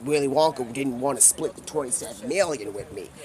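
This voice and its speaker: A man voicing a banished man from a bunker who complains in a low, muttering way. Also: brisk, darkish tone, lightly acted. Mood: complaining.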